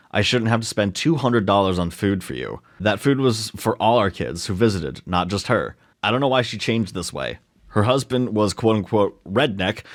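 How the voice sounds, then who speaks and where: A young man co-hosting a podcast, joking around and reading online posts aloud, sometimes tripping over his words. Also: fairly low pitch. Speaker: podcast co-host reading stories.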